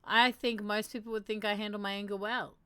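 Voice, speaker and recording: A young woman hosting a casual livestream, reading aloud and chatting, animated, laughing and swearing now and then. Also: mid-range voice, brisk, smooth, no room sound. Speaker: streamer hosting a mental health segment.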